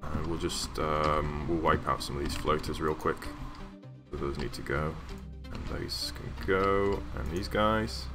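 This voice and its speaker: A man's voice: very deep voice, steady tone, unhurried, over music. A man with a Yorkshire accent talking casually while he works on a landscape during a live stream, rambling with lots of fillers and small laughs. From Yorkshire, northern England. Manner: rambling, self-amused, many fillers.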